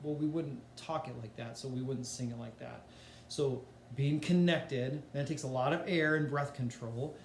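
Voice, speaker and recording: A man gives a casual music lesson in a loose, chatty way, with filler words along the way. His voice sits at an ordinary middle pitch. The room rings with echo, and a faint hiss stays under it. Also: fairly even intonation, a little slow. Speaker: music teacher.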